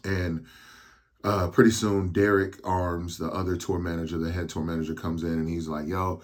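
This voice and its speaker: A man in his thirties with a very low, husky voice recounts a personal story on his podcast. He speaks slowly and haltingly, with many restarts, because he is on medication. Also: flat delivery. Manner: slow, halting delivery with restarts. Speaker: podcast host.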